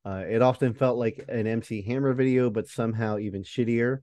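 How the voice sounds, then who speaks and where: A man's voice: mid-range voice, fairly even intonation, brisk, mellow, dry recording. A man co-hosting a podcast, chatting casually and reading listener stories with a profane, joking manner. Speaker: podcast co-host.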